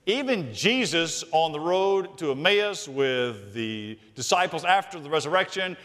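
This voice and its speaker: A man preaching a sermon as senior pastor, emphatic, swinging from loud to hushed. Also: fairly high pitch, lively intonation, a little slow, in a large hall. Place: large church sanctuary.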